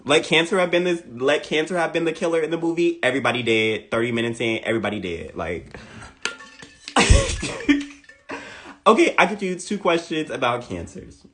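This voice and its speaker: A man's voice: fairly high pitch, normal speed, pauses often, a little hiss or hum. Comedic male astrology creator, casual monologue, repeats punchlines for effect. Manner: animated, playful, repeats lines for emphasis.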